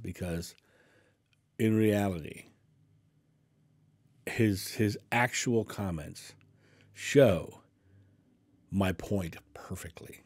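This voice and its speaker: A man with a husky, somewhat low voice talks to his viewers in an easygoing but emphatic way. He circles back on phrases to drive them home and laughs easily. The sound is close and dry, with no room around it. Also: a little mellow, no echo. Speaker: channel host, spiritual speaker. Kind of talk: casual monologue to camera.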